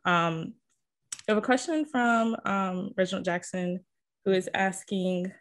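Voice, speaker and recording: A woman's voice: medium pitch, measured pace. A woman moderating a webinar discussion who speaks politely and hesitantly, with frequent fillers.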